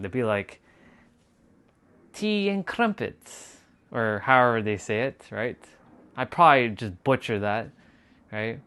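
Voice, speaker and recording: A man's voice: medium pitch, fairly bright tone. A man chatting casually to viewers on his live stream, rambling and repeating himself as he talks. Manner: rambling, repeats phrases and restarts. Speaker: livestreamer.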